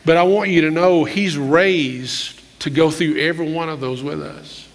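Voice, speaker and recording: An older man, a pastor, preaching a conversational sermon with candid stories, often clearing his throat and restarting phrases. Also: a little high, fairly even intonation, moderate pace. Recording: long reverb of a large hall.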